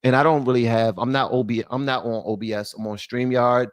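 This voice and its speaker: A male livestream host chatting to his viewers in a loose, rambling, self-deprecating way. His voice is mid-pitched and sounds close and dry on a podcast mic, with no room echo. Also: fairly even intonation, a little fast. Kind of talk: casual livestream chat. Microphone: podcast mic through a mixer.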